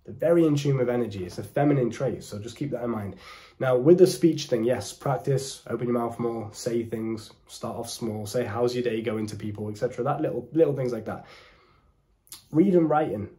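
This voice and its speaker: Young British man, coaching monologue, mellow timbre, mid pitch, emphatic delivery. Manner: emphatic, deliberate, preachy. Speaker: dating coach. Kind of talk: direct-to-camera advice talk.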